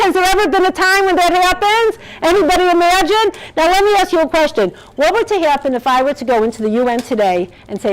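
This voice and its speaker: A woman's voice: high-pitched, brisk, poor audio. A woman giving a Torah lecture to a class, asking the room questions and weaving in Hebrew terms. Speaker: Torah teacher.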